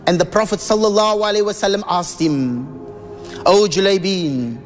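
Male storyteller, very high voice, emotive reverent narration, soft music behind. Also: lively intonation, fast. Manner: earnest, emotive, with reverent honorifics.

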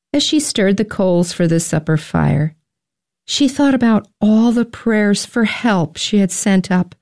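A woman narrating a story in a gentle, scripted reading style. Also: mid-range voice.

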